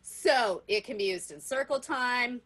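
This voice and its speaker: A woman's voice: a little high, animated, measured pace, music in the background. A woman presenting a workshop for teachers on a video call, singing simple songs and explaining how to use them with children.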